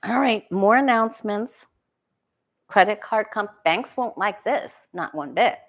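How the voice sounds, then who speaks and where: A woman's voice: mid-range voice, lively intonation, measured pace. A woman doing a casual solo tarot reading, thinking aloud, asking herself questions and restarting her sentences. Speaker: tarot reader.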